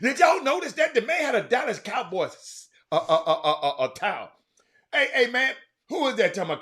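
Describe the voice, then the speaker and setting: A man hosting a sports talk show, shouting, teasing and repeating himself as he reads comments. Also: high voice, moderate pace. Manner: loud, excitable, teasing, repeats words, sudden shouts. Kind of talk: animated sports talk, reading live chat.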